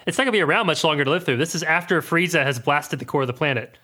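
A man's voice: fairly high pitch, lively intonation, rapid-fire, pushed and bright. A man co-hosting a comedy podcast, cracking sarcastic jokes in casual chat. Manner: laughing, sarcastic quips. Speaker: podcast co-host.

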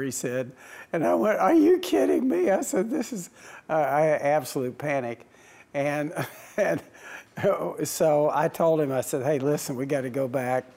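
A man's voice: medium pitch, a little mellow. Man, team owner type, anecdotal storyteller who laughs through his answers and voices both sides of old conversations. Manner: chuckling anecdotal storyteller, acts out dialogue.

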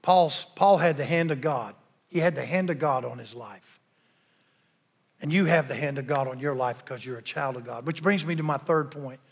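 An older man preaching a sermon, animated and calling out to the congregation for responses. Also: fairly high pitch, normal speed, vocal fry, breathy edge. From American South. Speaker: pastor.

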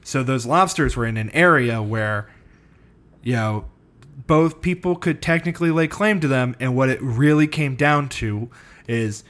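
A man's voice: medium pitch, unhurried, fairly bright tone. A man co-hosting a casual podcast, explaining a history story with loose fillers and casual swearing. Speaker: podcast co-host presenting a history topic.

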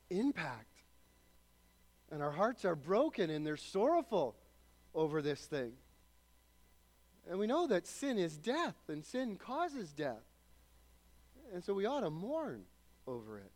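A man preaching a sermon, swinging from loud, raised emphasis down to quiet, hushed passages. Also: fairly high pitch, no echo. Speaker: pastor.

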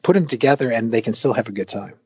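An arcade game designer, appearing as a guest, talks casually and at length in an interview. His mid-range voice is husky and fast, and the audio is dull with no room sound. He rambles with many fillers and restarts but grows animated when retelling stories.

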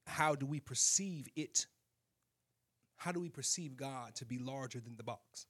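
A male co-host with an ordinary mid-range voice, taking part in a casual faith discussion. He works through his ideas out loud and keeps raising questions. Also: medium pitch, a little slow, husky. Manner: thoughtful, questioning, thinks aloud.

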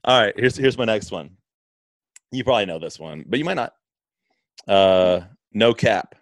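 A man's voice: on the low side, expressive, moderate pace, no echo, clean studio sound. A man chatting casually, laid-back, laughing often and swearing, with stumbling restarts. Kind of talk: casual chat.

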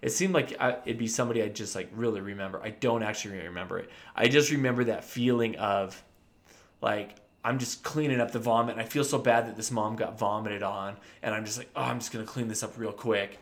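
A dentist telling a funny story from his practice in a casual chat, animated and often laughing. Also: lowish voice, a little fast. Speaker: podcast co-host.

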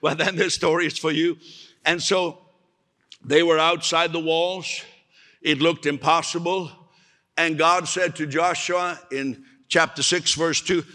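A male pastor preaching with animated energy, his bright voice sitting a little high. He acts out other people's voices and laughs often. The sound carries a long reverb from a large hall. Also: a little slow. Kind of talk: sermon.

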